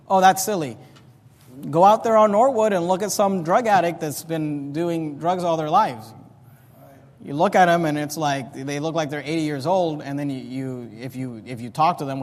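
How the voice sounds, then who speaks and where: A male pastor preaching a sermon, reading scripture slowly and swinging from quiet asides to loud, fervent passages. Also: fairly high pitch, big-room sound. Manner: reads scripture slowly in King James wording.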